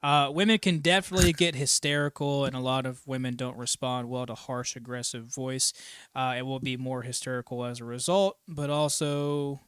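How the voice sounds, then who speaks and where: Man, casual chat co-host, blunt, stammering, smooth voice. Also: medium pitch, steady tone, moderate pace, a bit bright, dry recording, clean studio sound. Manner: blunt, stammering restarts, laughs often. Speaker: podcast co-host.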